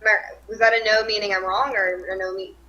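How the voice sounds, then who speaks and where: Bright, eager woman player on a call. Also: medium pitch, flat delivery, fairly quick, lo-fi sound. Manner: eager, talks over others and restarts. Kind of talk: casual chat between tabletop players. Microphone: computer mic on a voice call.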